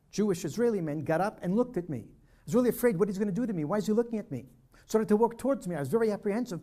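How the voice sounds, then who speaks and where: Man, older, mellow, storytelling talk, acts out dialogue, church presentation. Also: sits high. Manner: vivid storyteller acting out dialogue. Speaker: speaker at a peace dialogue presentation.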